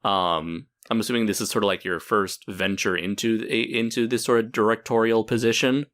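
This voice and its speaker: A man hosting a podcast, asking relaxed questions and murmuring along as his guest talks. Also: on the low side, brisk. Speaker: podcast host. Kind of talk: casual interview.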